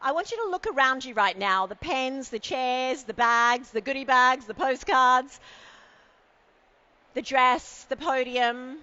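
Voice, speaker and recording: On a stage with a podium, a woman delivers a conference keynote, playfully mocking herself and teasing the crowd. Her voice is high-pitched, pushed and bright, moving at a measured pace, though the recording sounds muffled.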